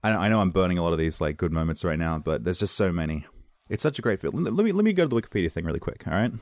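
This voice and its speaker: Low-voiced man, eager rambling film-podcast chatter, dry close sound. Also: big pitch swings, very fast, dry recording. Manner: enthusiastic and rambling. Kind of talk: casual solo podcast review.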